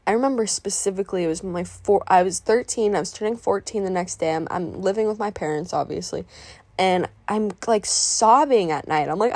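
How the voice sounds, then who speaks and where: A woman's voice: mid-range voice, a little fast, darkish tone, dry recording. A woman in her mid-twenties chatting through a painting video voiceover, rambling, losing her train of thought and speaking openly about her feelings. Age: 20s. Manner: openly emotional and sentimental. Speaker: art vlogger narrating a painting video. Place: voice-over recorded apart from the painting footage.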